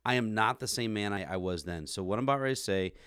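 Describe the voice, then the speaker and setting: A man's voice: lowish voice, quick pace, a bit bright, clean tone, no echo. A man in his forties hosting a podcast, telling a candid story about his marriage in a self-deprecating way. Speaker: podcast host. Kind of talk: candid conversation.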